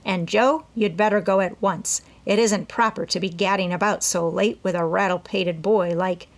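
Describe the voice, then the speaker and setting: A woman voicing a sharp, gruff old aunt who scolds in a storybook. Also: mid-range voice, fairly even intonation, moderate pace, natural voice. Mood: scolding.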